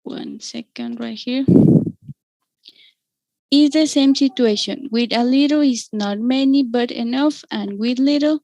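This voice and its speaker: A woman's voice: fairly high pitch, measured pace, gravelly, a little mellow, no echo, rough recording. A woman with a Mexican Spanish accent teaching an online English class, patiently explaining grammar and checking in with "okay?" after each point.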